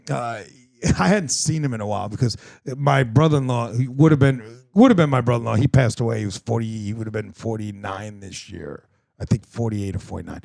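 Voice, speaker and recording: A man's voice: medium pitch, gravelly, darkish tone, no room sound, studio quality. A middle-aged man hosting a casual podcast, rambling and swearing as he tells stories and acts out the quotes. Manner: profane, rambling storyteller who acts out quotes. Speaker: podcast host.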